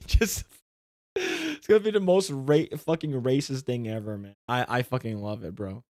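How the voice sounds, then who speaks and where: A male streamer reacting to videos live, excitable and foul-mouthed, often stumbling over and restarting his words. His voice sits at a middle pitch. It sounds dry and close, with no room echo. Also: moderate pace.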